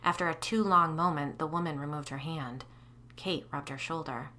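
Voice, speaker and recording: A woman podcast host narrating a first-person ghost story in a steady, measured reading. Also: sits low.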